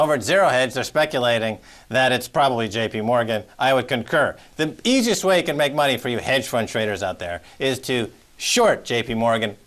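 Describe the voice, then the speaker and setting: A man's voice: medium pitch, a bit bright. A man hosting a financial news show, with brash, sarcastic commentary. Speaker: host.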